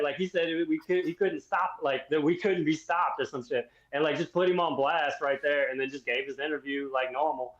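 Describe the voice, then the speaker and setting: A man's voice: medium pitch, brisk, few pauses, fairly bright tone. A man from Louisiana, a podcast guest, talking in a rambling, casual way with lots of fillers and some mocking. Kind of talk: casual chat. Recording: roomy, muffled remote audio.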